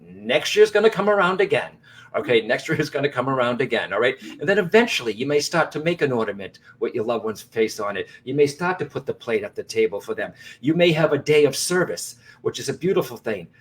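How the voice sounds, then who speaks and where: A man's voice: medium pitch, big pitch swings, a little fast. A man co-hosting a live broadcast as a psychic medium, speaking earnestly and reassuringly straight to his viewers, often restarting and repeating phrases.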